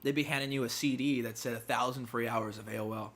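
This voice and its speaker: A young man co-hosting a podcast, chatting casually at home and telling stories with slang and animated quoting. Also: medium pitch, quick pace. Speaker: podcast co-host. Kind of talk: casual chat. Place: apartment.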